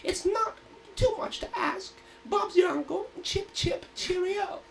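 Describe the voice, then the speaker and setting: A man's voice: very high voice, slow pace, vocal fry, recorded from a distance, voice pushed up, heavily acted. A man putting on an impression of a prim elderly English queen, with a posh put-on English accent and affected old-fashioned phrases. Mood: haughty.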